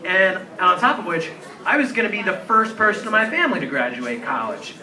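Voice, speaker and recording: A man's voice: high-pitched, big pitch swings, a little fast, bright, forceful tone, distant mic. A young man in his twenties telling a rambling, earnest story with lots of "like" fillers at a live show in a bar. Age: 20s. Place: crowded bar. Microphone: distant handheld camera. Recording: roomy bar recording from afar, crowd chatter.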